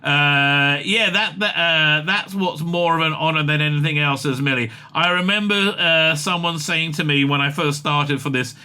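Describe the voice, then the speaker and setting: Bright, jokey man rambling excitedly. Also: a little high, moderate pace, few pauses, clean tone. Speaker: commentator reading an interview. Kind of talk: casual comic commentary.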